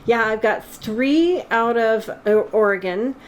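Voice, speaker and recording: A woman's voice: on the high side, lively intonation, unhurried, rough recording. A woman co-hosting a casual chat, explaining things in a knowledgeable way with frequent ums. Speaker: absinthe expert co-host.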